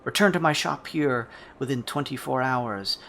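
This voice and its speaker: A man voicing a sly male jeweler shopkeeper with a gem for an eye, speaking in a hushed, confiding way that often drops to a whisper. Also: mid-range voice, moderate pace, vocal fry.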